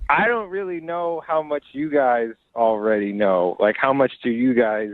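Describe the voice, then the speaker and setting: A man's voice: medium pitch, normal speed, no room sound. A man answering a call from a radio show, hesitant and caught off guard. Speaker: called guest. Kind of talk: phone conversation. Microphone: phone. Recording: tinny phone line.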